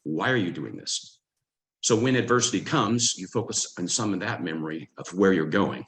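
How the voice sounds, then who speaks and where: A man from Louisiana, hosting a team call in a relaxed way, with many fillers and restarts. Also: low-pitched, normal speed, poor audio. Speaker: host.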